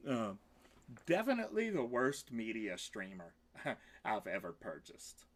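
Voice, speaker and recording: His pitch swoops wildly and he speaks a little slowly. Hosting a loose, rambling livestream, the man curses freely, laughs between remarks, and shifts into a squeaky high register for quoted exclamations.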